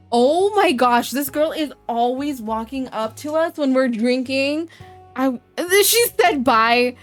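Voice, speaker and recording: A young woman chatting excitedly through a live game stream, gasping and reacting as things happen. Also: high voice. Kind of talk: live let's-play commentary.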